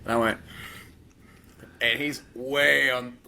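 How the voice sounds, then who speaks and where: A man's voice: medium pitch, steady tone, slow pace, vocal fry, bright, forceful tone. A man co-hosting a casual podcast, telling easygoing anecdotes while chuckling between them.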